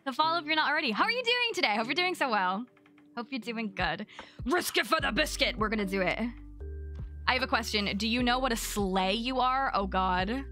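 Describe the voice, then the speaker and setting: A young woman streaming a game live, chatting casually with her viewers, bubbly and quick to thank them. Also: a little high, expressive, bright, forceful tone, soft background music. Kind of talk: casual live-stream chat while gaming.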